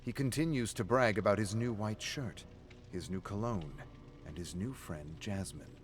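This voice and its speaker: A man narrating a story in an even, measured reading style. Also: lowish voice.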